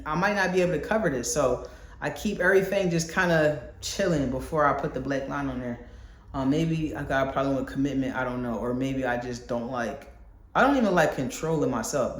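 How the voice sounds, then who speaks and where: A man from talking casually in a vlog while painting at home, candid and rambling, swearing freely. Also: a little high. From Philadelphia. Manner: loose and candid, swears freely, muses aloud with many fillers. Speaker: vlogger and visual artist. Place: indoors at home, painting a wall. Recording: echoey room.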